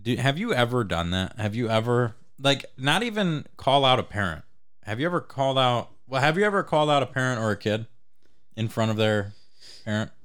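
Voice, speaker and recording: A man's voice: medium pitch, animated, a little fast, fairly bright tone, smooth. A man co-hosting a casual podcast, blunt and profane as he chats and reacts. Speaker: podcast co-host. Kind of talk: casual chat.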